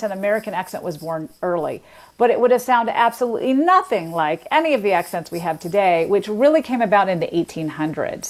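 A woman's voice: medium pitch, darkish tone. Woman explaining as a linguist guest. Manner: measured, explanatory, with fillers. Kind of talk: expert explaining in conversation.

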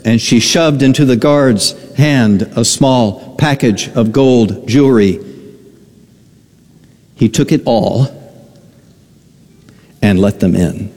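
A pastor preaching a sermon, telling a story slowly and earnestly, with dramatic pauses. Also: male voice, mid-range voice, darkish tone, in a large hall.

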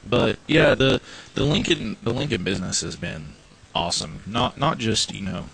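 A man's voice: fairly low pitch, expressive, moderate pace, vocal fry, a bit bright, slight background noise, low-quality recording. A man chatting casually on radio as a car dealership representative, easygoing and salesman-like, speaking from a showroom.

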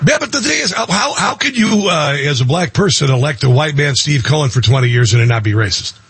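Husky-voiced male talk host. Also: a little high, animated, fairly bright tone, no room sound. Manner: agreeable, chuckling, quick interjections. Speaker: radio talk show host. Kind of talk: casual political talk.

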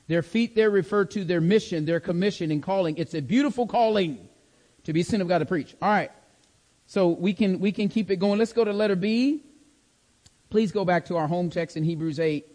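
High-voiced man teaching a sermon. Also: a little mellow, big-room sound. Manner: emphatic, repeats phrases, checks in with "okay?". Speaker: preacher. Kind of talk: sermon-style Bible teaching.

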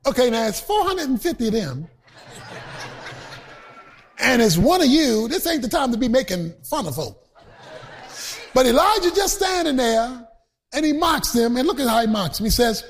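High-voiced man preaching in chanted cadence. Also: very animated, moderate pace, long pauses. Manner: emphatic, shouting and chanting in a sing-song cadence; colloquial, joking asides to the congregation. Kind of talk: sermon.

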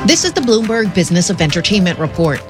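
A woman business reporter delivering a radio news report in a crisp manner. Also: on the low side, big pitch swings, fast. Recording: music bed under voice.

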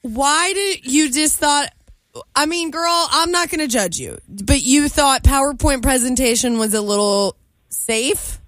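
A woman's voice: high voice, lively intonation, a little slow, a bit bright, dry recording. A woman co-hosting a radio show, teasing the caller and laughing. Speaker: radio co-host. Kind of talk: radio call-in chat.

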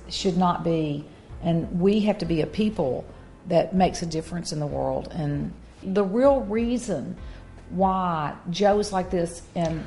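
Woman co-host, earnest and halting, slightly low voice, light music underneath. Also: mellow. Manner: earnest, with frequent fillers and restarts. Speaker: co-host of a Christian marriage talk. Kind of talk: casual faith-based chat.

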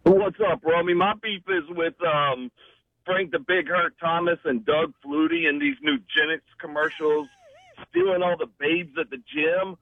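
A man calling in to a sports radio show, joking and animated. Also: a little high, measured pace, no room sound. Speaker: caller. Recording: tinny phone line.

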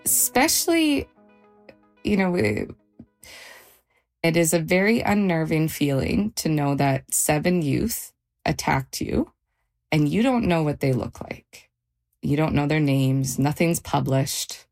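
A mother in an interview, calmly recounting a frightening event in a measured, halting way with pauses and restarts. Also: low-pitched, soft background music. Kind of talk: personal account in a radio interview.

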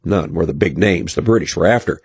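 Gravelly-voiced man narrating a radio story. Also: deep voice, a little mellow, no echo. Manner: measured storytelling delivery. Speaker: radio segment host.

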